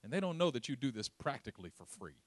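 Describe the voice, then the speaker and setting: Laughing as he goes, this pastor delivers a sermon built on funny, lively stories. He's a fast talker with a mid-range voice.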